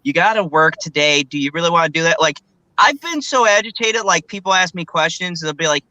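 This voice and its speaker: Bright, high-voiced ranting man. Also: brisk, low-quality recording. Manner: animated, stammering, ranting. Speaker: regular co-host. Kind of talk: casual ranting chat.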